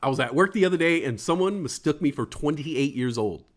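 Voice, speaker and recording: A man's voice: on the high side, brisk. A man in his forties hosting a casual live stream, joking and reading chat comments aloud. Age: 40s. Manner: animated and jokey, acts out quoted voices. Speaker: livestream host reading chat.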